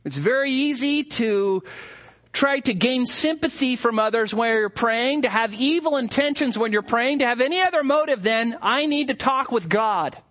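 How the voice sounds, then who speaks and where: Animated high-voiced male preacher. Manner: animated, mocking impressions of hypocrites. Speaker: pastor. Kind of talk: sermon.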